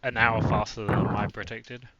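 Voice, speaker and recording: A man's voice: fairly low pitch, level tone, normal speed, highs cut off, very noisy. A young man with an English accent, chatting offhand and dry while streaming a game on a voice call. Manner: dry, offhand remarks on his own play. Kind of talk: casual chat while gaming.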